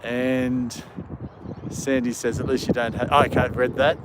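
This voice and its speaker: A man's voice: mid-range voice, flat delivery, normal speed, very noisy. Chuckling man with an Australian British accent. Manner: rambling and chuckling, talking to chat and dogs. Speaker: live-stream host walking his dogs. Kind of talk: casual live-stream chat. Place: outdoor park. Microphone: phone.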